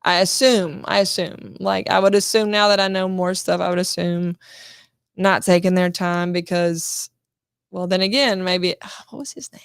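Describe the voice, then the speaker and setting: A woman's voice: on the low side, flat delivery, normal speed, creaky, smooth, no room sound, studio quality. A woman guest on a casual interview show, telling a story and acting out quotes, swearing freely. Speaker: guest actress.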